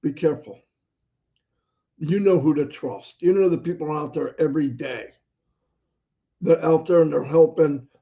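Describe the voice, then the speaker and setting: A man speaking as a host, giving urgent and pleading advice with quick asides. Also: a little high, gravelly, dull audio. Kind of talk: motivational talk.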